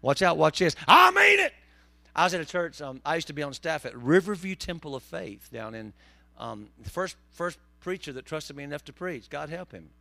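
A man's voice: a little high, brisk, gravelly, fairly bright tone, dry recording. A man preaching a sermon, telling folksy, joking stories. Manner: folksy, joking storyteller with southern turns of phrase. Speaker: pastor.

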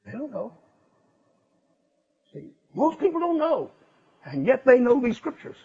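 A husky, fairly high-voiced man preaches, swinging between loud declarations and hushed asides. The recording sounds dull and lo-fi. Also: sing-song, unhurried. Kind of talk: sermon.

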